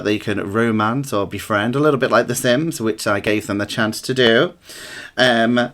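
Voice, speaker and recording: Rambling man running a tabletop game. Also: mid-range voice. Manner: relaxed, rambling, many ums. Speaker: dungeon master.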